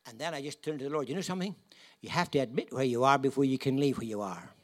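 A man preaching a storytelling sermon, humorous and animated, often laughing and swinging from hushed to loud. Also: mid-range voice, quick pace, a little hiss or hum. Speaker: guest preacher.

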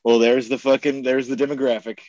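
A man's voice: mid-range voice, little pitch movement, brisk, darkish tone, dry recording, highs cut off. A man co-hosting a casual podcast chat, adding laid-back, wry remarks. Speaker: podcast co-host.

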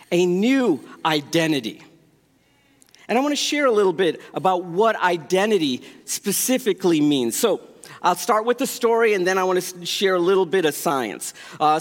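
A man preaching a sermon and telling personal stories, swinging between loud bursts and quiet asides. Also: sits high. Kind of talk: sermon storytelling. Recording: long hall reverb.

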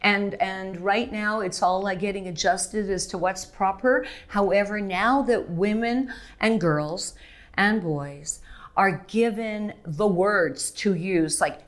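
A woman's voice: medium pitch, takes it slowly. A middle-aged woman from Montreal, a guest speaking frankly and with animation in an interview, often laughing and restarting her sentences. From Montreal, Canada. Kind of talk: candid interview conversation.

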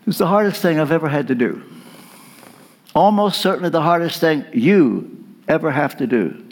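A man delivering a sermon as a guest preacher, telling a story with dramatic pauses. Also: fairly high pitch, lively intonation. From United States.

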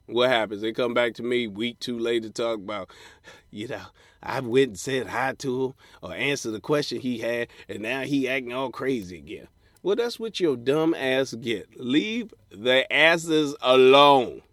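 A man delivers a solo comedic advice rant as a podcast host, blunt and full of swearing. His voice sits at an ordinary middle pitch. The recording is dry, with no room echo. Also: animated, normal speed. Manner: blunt and profane, swings into mocking put-on voices.

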